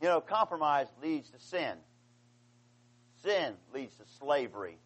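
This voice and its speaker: A man preaching a sermon with passion, swinging from quiet explanation to loud, pleading outcries and calling out "amen" to his congregation. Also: on the high side, big pitch swings, measured pace, poor audio. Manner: impassioned, rising to pleading outcries.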